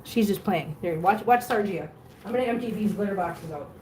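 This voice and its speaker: A woman's voice: medium pitch, a little fast, darkish tone. A woman hosting a casual livestream at home, chatting to viewers and cooing at her cats. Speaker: vlog host. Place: home room with litter boxes. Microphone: phone. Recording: echoey room with faint noise.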